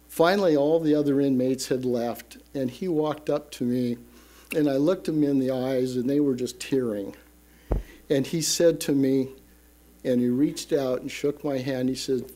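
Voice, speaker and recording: An older man slowly telling a personal story at a church service, halting and reflective. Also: medium pitch, mellow. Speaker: congregation member sharing a testimony. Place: church sanctuary.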